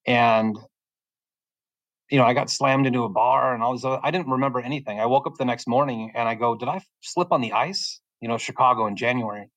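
A middle-aged man gives a personal faith testimony as a guest, and his voice is emotional and halting. He stumbles and repeats words while he searches for what to say next. His voice sits at an ordinary pitch, and the recording is dry and close. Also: steady tone, fairly bright tone, no echo, poor audio. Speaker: podcast guest giving testimony.

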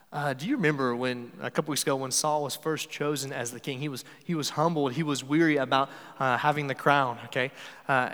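A man's voice: medium pitch, fairly bright tone, in a large hall. A man preaching a sermon in a conversational way, often acting out the lines he quotes.

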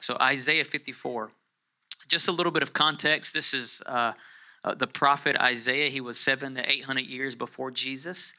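A pastor giving a casual, conversational sermon, calling on the congregation to repeat words and rising to loud, emphatic scripture reading. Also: male voice, mid-range voice, vocal fry.

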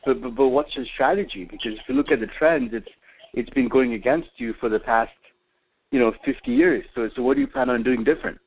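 A man's voice: medium pitch, sing-song, a little fast, gravelly, a little hiss or hum. A man calling in to a radio talk show, speaking hesitantly with many fillers and restarts, heard over a tinny phone line. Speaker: caller. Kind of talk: call-in radio chat.

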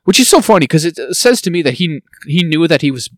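A man co-hosting a podcast, telling a story in animated casual chat and laughing often. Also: a little high, quick pace, no room sound, studio quality. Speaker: podcast co-host.

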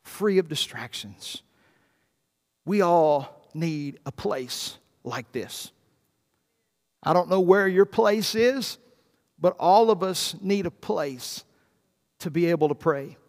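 A man, a pastor preaching a sermon, swinging from hushed, quiet passages to loud, emphatic ones. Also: on the high side, expressive, slow, pauses often. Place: church sanctuary. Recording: long reverb in a church hall.

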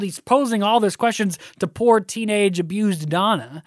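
A man talking through a stage play in casual discussion, animated and acting out the characters' lines as he retells scenes. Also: moderate pace, no room sound, clean studio sound. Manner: animated, acts out quoted lines with big pitch jumps.

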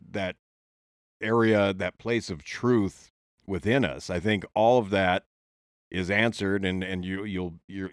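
A podcast host talking in a measured, soft-spoken way about spiritual growth, with many fillers. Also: male voice, low-pitched, no room sound, studio quality. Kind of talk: reflective spiritual talk.

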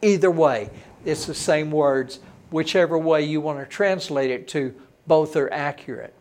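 A male pastor delivering a sermon teaching in a folksy, conversational way. His voice sits a bit high for a man. He drops to hushed awe, then comes back emphatic and lively. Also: unhurried.

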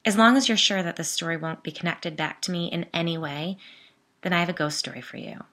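A woman's voice: fairly low pitch, a little fast, sharp tone. A woman voicing a bold, cheerful woman in her early thirties who talks bluntly and with authority. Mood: peppy.

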